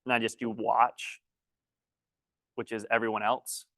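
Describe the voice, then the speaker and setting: A man's voice: mid-range voice, little pitch movement, fairly bright tone, no room sound. Slightly breathless male workshop trainer. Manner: halting, restarts sentences often; writes on a board while talking. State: a little out of breath. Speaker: guest trainer. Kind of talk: teaching a workshop.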